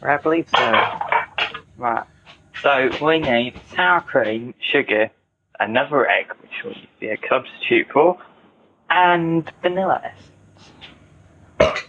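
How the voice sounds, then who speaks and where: A man's voice: mid-range voice, animated, slow, pauses often, sharp tone, highs cut off, slight background noise. A man in casual kitchen banter as a podcast co-host, joking and swearing casually.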